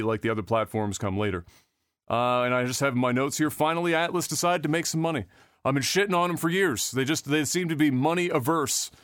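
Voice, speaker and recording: A man's voice: mid-range voice, a bit bright, smooth, dry recording. Male podcast host, sarcastic, swearing, offhand, rambling delivery, dry close sound. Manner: loose delivery with many fillers and restarts. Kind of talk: casual gaming news chat.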